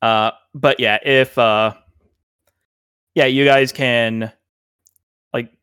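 A man narrating as game master, relaxed and rambling with many fillers. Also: medium pitch, clean tone, dry recording, clean studio sound.

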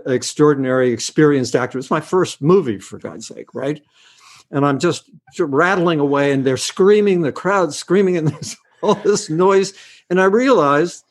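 An older man as an interview guest, telling relaxed, self-mocking anecdotes, hesitating with many uhs and restarts. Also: on the high side. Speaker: guest actor.

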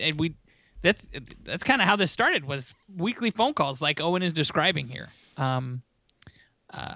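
Bright-voiced man on a dull, dry mic. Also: a little high, creaky, no echo. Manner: halting, many restarts, joking. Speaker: podcast co-host. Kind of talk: casual podcast chat.

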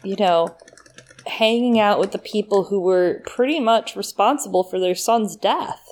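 A woman's voice: medium pitch, unhurried, a little mellow. A woman in casual podcast chat, thinking aloud as she walks through details. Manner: thinks aloud, breaks down details with fillers and laughs. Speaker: podcast co-host.

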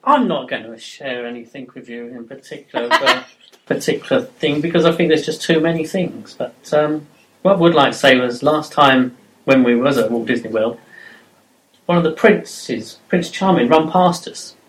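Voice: medium pitch, normal speed, poor audio. Shy giggly speaker off-mic. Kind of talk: casual storytelling to a live audience.

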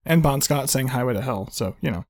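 A man chatting casually about films, animated, laughing often and slipping into put-on voices when quoting. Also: mid-range voice, fairly quick, no room sound, studio quality.

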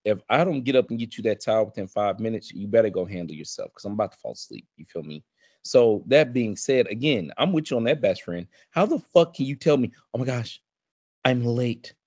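A man, co-hosting a casual podcast chat and ranting in a profane, animated way. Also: fairly low pitch, quick pace, slightly rough, dry recording. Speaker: podcast co-host.

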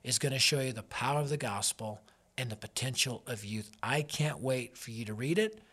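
A man in his fifties speaks at a middle pitch, earnest and emphatic. He teaches like a ministry leader and leans on personal stories to drive each point home. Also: normal speed, a bit bright, husky.

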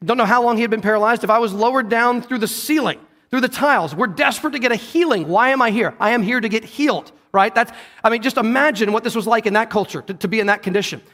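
A man's voice: very high-pitched, fast, fairly bright tone, in a large hall. A man preaching a sermon, earnest and often repeating or correcting himself as he goes. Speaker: pastor.

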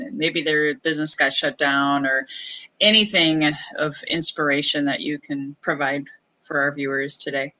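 An interview host with a bright, steady voice that barely rises or falls. The host praises the guest with enthusiasm and asks a long closing question. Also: medium pitch, poor audio. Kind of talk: interview hosting.

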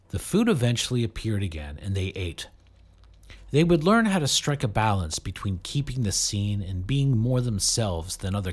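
Expressive storyteller, husky voice. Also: low-pitched. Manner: expressive, animated. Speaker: narrator. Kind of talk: audiobook storytelling.

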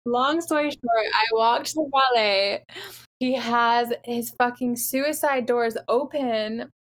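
A young woman from the Los Angeles area chatting casually, telling a dating story in an animated way with lots of "like" fillers. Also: a little high, drawn-out words, long pauses. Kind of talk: casual chat.

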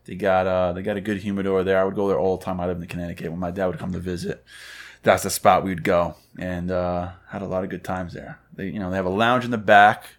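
A man co-hosting a podcast in relaxed casual chat, telling stories in an animated way. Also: deep voice, quick pace. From Northeastern US. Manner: laid-back, animated storyteller. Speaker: podcast co-host.

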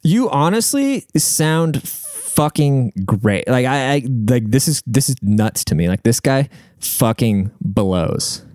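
A man's voice: medium pitch, sing-song, takes it slowly, darkish tone, no room sound, studio quality. A young man hosting an advice podcast, crude and emphatic, swearing freely as he reacts to listener letters. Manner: profane, blunt, emphatic. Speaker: podcast host giving advice. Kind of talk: crude casual advice rant.

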